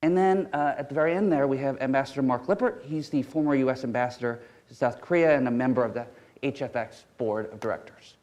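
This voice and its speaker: A man moderating a conference panel, speaking haltingly with many fillers as he introduces guests and asks questions. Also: medium pitch, darkish tone.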